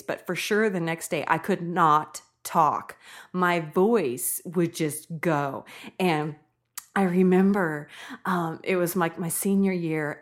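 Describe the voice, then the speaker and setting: A woman hosting a podcast in a casual, chatty monologue, laughing often as she talks. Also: fairly low pitch. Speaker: podcast host.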